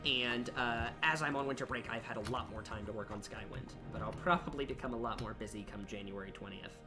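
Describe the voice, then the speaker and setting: A man's voice: medium pitch, brisk. Young man chatting as he builds levels. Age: young adult. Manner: self-deprecating, muttering at his work. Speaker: streamer and level designer. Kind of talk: casual live-stream chat while working. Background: music and keyboard typing.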